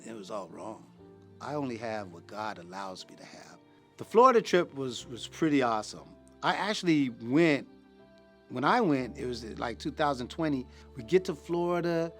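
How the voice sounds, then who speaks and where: Earnest, halting man in his fifties. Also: mid-range voice, lively intonation, fairly bright tone, soft background music. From California. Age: 50s. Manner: earnest, casual slang, halting with repeated words. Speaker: ministry program graduate. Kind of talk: personal testimony.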